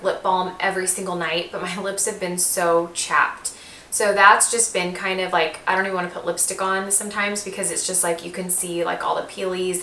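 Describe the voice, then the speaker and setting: A woman chatting through a pregnancy vlog in a bright, forceful voice, leaning on "like" as she talks. The recording has a noticeably echoey room sound. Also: medium pitch. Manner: chatty, lots of "like" fillers, quotes her own thoughts. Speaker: vlogger. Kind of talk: casual pregnancy update vlog.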